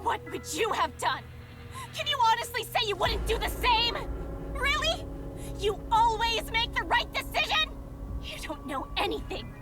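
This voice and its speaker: A woman's voice: a little high, expressive, extremely slow, pauses often, a little mellow. An actress voicing a cold, scornful young woman killer in a video game, bitter and mocking. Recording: game music under voice.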